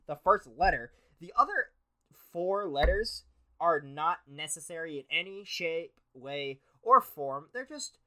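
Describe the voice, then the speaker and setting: A man's voice: a little high, sharp tone. A man hosting a solo podcast, reading aloud and reacting with sarcastic, profane, mock-outraged commentary. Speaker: podcast host.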